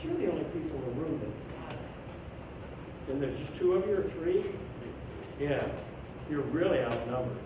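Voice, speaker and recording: A band director rehearsing a school band, giving brisk coaching and singing rhythms on syllables. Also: male voice, on the high side, lively intonation, dull audio. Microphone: distant room mic. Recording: echoey, distant, noisy room recording.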